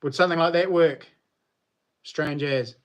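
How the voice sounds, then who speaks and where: A man with a New Zealand accent, a knife maker chatting casually on a livestream and answering viewers in a relaxed, colloquial way. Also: a little high, measured pace.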